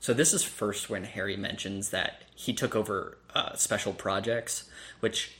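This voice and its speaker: A man's voice: on the low side, measured pace, a bit bright. A young man co-hosting a casual movie review chat, laughing often and mimicking film lines. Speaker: podcast co-host.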